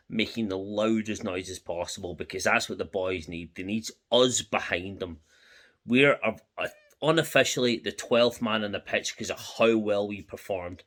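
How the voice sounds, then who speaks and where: A young Scottish man with a low voice, talking in a passionate fan reaction vlog. He speaks in a heartfelt, emotional way and keeps repeating his thanks. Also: fairly bright tone. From Scotland. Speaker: football fan vlogger.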